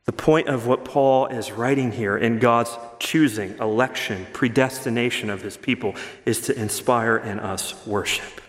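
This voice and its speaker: A male pastor preaching a sermon, earnest and emphatic, rushing through asides and slowing down to stress key words. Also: medium pitch, fairly bright tone. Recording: long hall reverb.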